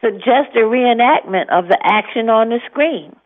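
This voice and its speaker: A woman's voice: fairly high pitch, animated, moderate pace, narrow, tinny audio. A woman hosting a comic advice segment on a radio show, playful and teasing, laughing often. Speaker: regular advice segment host.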